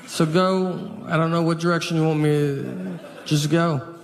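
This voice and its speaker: A man with a Southern US accent doing a stand-up comedy set, telling stories in a slow, deadpan way with trailing pauses. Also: a little high, vocal fry. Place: comedy stage with live audience. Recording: noisy live audience recording.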